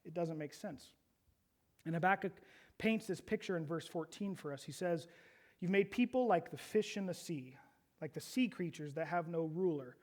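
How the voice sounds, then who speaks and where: A man's voice: a little high, normal speed, a little mellow. A man preaching a sermon as pastor, asking the congregation rhetorical questions and acting out quoted prayers with rising intensity.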